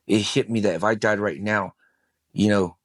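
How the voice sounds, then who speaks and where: A man's voice: on the low side, steady tone, moderate pace, no room sound. A man guesting on a podcast, telling an intense personal story with emphatic, profane speech. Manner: intense, emphatic, swears freely.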